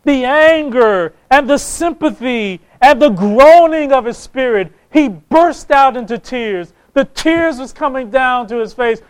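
A man's voice: very high voice, expressive, a little slow, few pauses, clean tone, poor audio. A man preaching a sermon, impassioned, reading scripture aloud and repeating phrases for emphasis.

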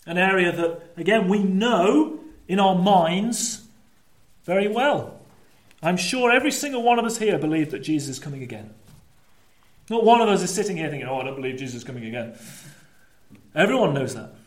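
Animated high-voiced male preacher in echoey church. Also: normal speed. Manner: animated, swings between lively storytelling and low emphatic asides. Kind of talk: sermon.

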